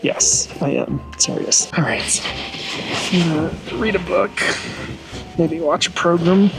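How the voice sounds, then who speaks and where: A man's voice: on the high side, slow pace, creaky, pauses often, loud music behind the voice, low-quality recording. A man vlogging casually while camping outdoors in a truck bed, chatty and poking fun at himself. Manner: chatty, self-mocking, laughs at himself. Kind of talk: casual vlog chat.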